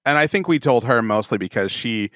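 A man's voice: mid-range voice, animated, fairly quick, fairly bright tone, dry recording, studio quality. A man co-hosting a podcast in casual chat, laid-back and laughing often. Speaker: podcast co-host.

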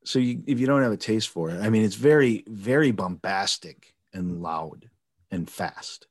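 A man co-hosting a podcast, easygoing and quick to chime in with agreement. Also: fairly low pitch, no echo, clean studio sound. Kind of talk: casual chat.

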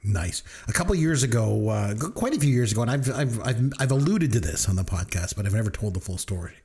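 A married man co-hosting a podcast in relaxed casual chat, starting a story of his own. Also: on the low side, fast talker. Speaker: podcast host.

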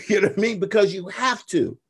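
A graphic novelist in his fifties, appearing as a guest on a casual podcast, tells stories animatedly and acts out the quotes. His voice sits high, with vocal fry and a slightly rough edge, and he speaks fairly quickly.

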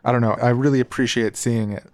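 A man's voice: medium pitch, steady tone, quick pace, darkish tone, dry recording, clean studio sound. A man co-hosting a podcast, explaining terms and chatting in an earnest way. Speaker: podcast co-host. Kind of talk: casual podcast chat.

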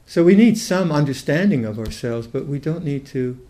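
Fairly high-pitched, expressive and mellow, an older man who teaches Buddhist meditation gives a reflective dharma talk. He speaks thoughtfully and haltingly, often beginning sentences again.

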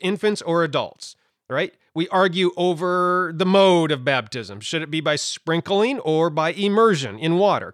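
A man's voice: on the high side, fairly bright tone, no echo, clean studio sound. A man hosting a podcast, explaining a Bible topic in a casual, conversational way with lots of fillers and asides. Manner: conversational, many fillers and asides, laughs at own points. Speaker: podcast host.

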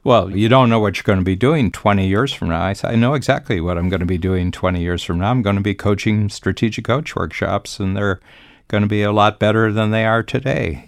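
A very low, gravelly voice belongs to an older man speaking with easy confidence on a business podcast. He talks in long, reflective stretches. The sound is close and dry, with no room around it. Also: no echo. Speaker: business coach and podcast host. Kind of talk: conversational podcast talk.

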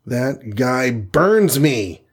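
A man puts on a hot-headed young male archer from a storybook, excitable and quick to blow up. The voice is pushed well above his own, with a husky edge. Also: mid-range voice, voice pushed up, lightly acted. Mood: furious. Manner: excitable, shouting.

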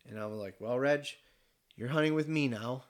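A Michigan man with a medium-pitched voice tells a hunting story in casual conversation at a moderate pace. He's animated, swears freely and acts out the voices of the people involved.

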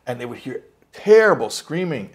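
A man with a husky, slightly breathy voice teaches an informal religious lesson. He rambles through a story with restarts and asides. He slips into little acted-out voices for the people in it, at a middle pitch. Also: moderate pace. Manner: animated storytelling, acts out quotes.

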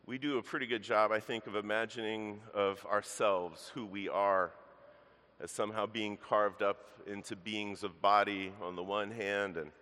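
A man preaching a sermon to his congregation, earnest and direct, calling them church. His voice sits on the low side. The sound carries the long reverb of a church sanctuary. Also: steady tone, moderate pace, pushed and bright. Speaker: pastor.

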